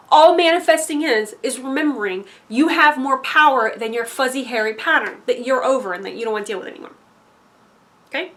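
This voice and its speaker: A young woman talking straight to camera in an emphatic motivational monologue, swinging between loud insistence and hushed asides. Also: high-pitched, a little fast. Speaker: spiritual vlogger.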